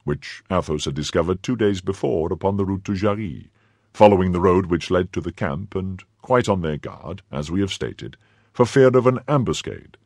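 A man narrating an audiobook in a measured, expressive storytelling delivery. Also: deep voice, no room sound. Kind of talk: scripted narration.

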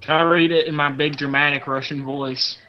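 A young man co-hosting a casual gaming podcast, tossing out joking asides over a dull lo-fi line with loud noise. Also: fairly high pitch, little pitch movement, a little fast. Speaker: podcast co-host.

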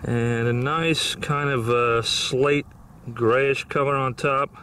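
A man's voice: mid-range voice, steady tone, slow pace, bright, forceful tone, recorded from a distance, slight background noise. A man filming outdoors as he searches, talking through his finds in an easygoing, enthusiastic way, thinking aloud with fillers. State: a little out of breath. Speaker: vlogger. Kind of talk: outdoor nature vlog narration. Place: outdoors on a hillside.

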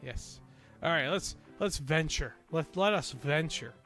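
A man playing a video game and commenting as he goes, swearing and blowing up in frustration, then talking himself back down into calm. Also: on the high side, unhurried, faint music behind. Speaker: let's play host. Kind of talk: gameplay commentary. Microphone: desk microphone.

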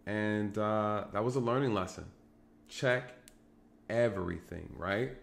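A man's voice: on the low side, takes it slowly, gravelly. A man recounting police work in casual storytelling straight to viewers, repeating phrases for emphasis.

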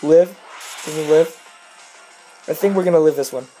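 Young adult, gameplay commentary, exasperated swearing outbursts, rushed mumbled strategy talk, mid-pitched voice, faint music behind. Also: warm tone, rough recording. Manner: exasperated, swearing outbursts over bad luck. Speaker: video game player commentating own battles.

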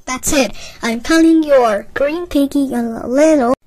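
A woman voicing an outraged cartoon adult who finds her cereal stolen, muttering slowly and haltingly in an amateur animated video. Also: sits high, dry recording, pitched below the performer's own voice. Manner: slow, halting, indignant muttering.

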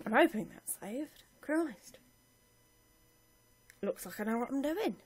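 A woman chatting through a video game, self-mocking, with sudden excited cries. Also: fairly high pitch, takes it slowly, slightly rough. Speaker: let's play gamer. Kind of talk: casual gameplay commentary.

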